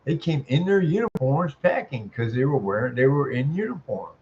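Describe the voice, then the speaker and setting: A man in his sixties with a voice he calls squeaky, ranting bluntly and swearing a lot as he comments. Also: big pitch swings, moderate pace, darkish tone, a little hiss or hum. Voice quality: self-described squeaky voice. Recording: muffled lo-fi audio.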